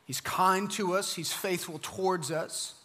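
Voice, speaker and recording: A man preaching a sermon as pastor, animated and emphatic, building to fervent peaks. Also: sits high, measured pace, big-room sound.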